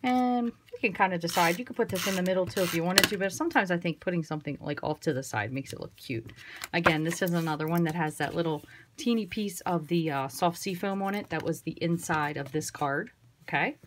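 A woman's voice: lowish voice, a little fast, noisy background. A woman giving a casual, chatty card-making tutorial, thinking aloud as she works. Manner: chatty, relaxed, thinks aloud while working.

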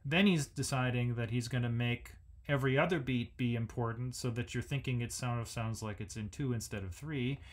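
A man's voice: mid-range voice, normal speed, hardly any pauses. A man hosting a music lesson, thinking aloud as he analyzes a symphony and sings the rhythms on nonsense syllables. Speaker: music educator host.

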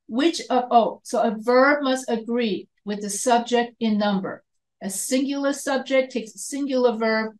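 A woman's voice: fairly high pitch, rough recording. An American woman teaching an online grammar lecture, explaining step by step, repeating points and correcting herself. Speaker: writing instructor.

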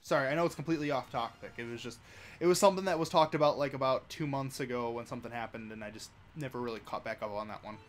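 A man hosting a live racing game stream, chatty and excitable, talking to chat and to his cat at home. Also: fast talker. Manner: excitable, chatty, bursts into high-pitched baby talk with his cat. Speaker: livestream host. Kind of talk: live gameplay commentary.

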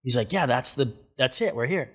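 A middle-aged man, a surfer guest on an interview show, telling a story in a casual, animated way, acting out what people said and saying "like" a lot. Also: medium pitch, brisk, husky. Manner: animated storyteller, acts out quotes, many filler likes.

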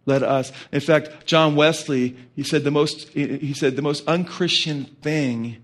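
Rambling preacher with a higher voice. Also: male voice, fairly even intonation, unhurried. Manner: conversational, rambling with many fillers and asides. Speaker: pastor. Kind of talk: sermon.

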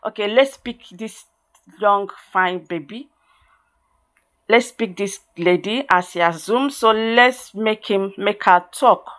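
A woman with a Nigerian accent, Igbo by first language, hosts a step-by-step tutorial and talks directly to her audience. Her voice sits at an ordinary middle pitch. She keeps her tone chatty and encouraging, slipping into Pidgin here and there. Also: slow pace, fairly bright tone. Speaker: tutorial host. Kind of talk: screen-recorded software tutorial.

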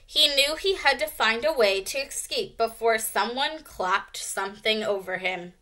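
A woman teacher narrates a children's chapter book aloud in a slow, expressive storytelling voice. Her tone is bright and clear, set a little high.

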